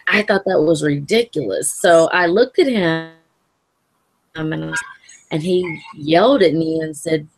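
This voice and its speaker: A woman with a very low voice and a gravelly, creaky texture recounts her own experience in an interview. She speaks calmly and in measured phrases, with the odd soft laugh. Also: a little hiss or hum. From Louisville area, Kentucky. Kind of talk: personal account in an interview.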